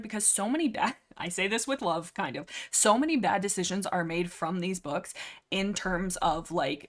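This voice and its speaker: Young woman yapping on her stream, kinda low voice, rambly, keeps restarting, a bit out of breath. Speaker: livestream host. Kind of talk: casual livestream chat.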